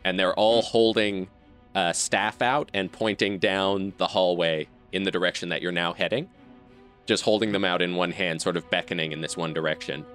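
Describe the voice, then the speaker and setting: A man narrating a tabletop role-playing game as game master, describing scenes in a measured way. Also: deep voice, fairly even intonation, a bit bright, soft background music.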